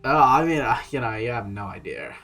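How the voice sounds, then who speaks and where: Giddy, stammering young woman, gushing and breathy, a man reading her in a casual fan read of a webcomic. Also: mid-range voice, expressive, fairly quick, fairly bright tone, soft background music. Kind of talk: casual read-aloud voice acting.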